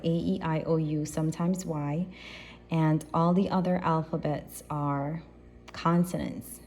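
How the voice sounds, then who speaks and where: A woman's voice: fairly low pitch, warm tone. A woman teaching a primary school grammar lesson, explaining patiently step by step and repeating key points.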